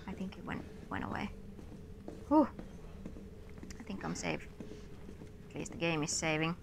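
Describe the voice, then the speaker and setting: A woman's voice: on the low side, lively intonation, unhurried, gravelly, long pauses, a little hiss or hum. A woman giving casual, exasperated commentary while playing a video game, talking to the enemies on screen. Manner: chatty, exasperated, talks to enemies. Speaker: gamer.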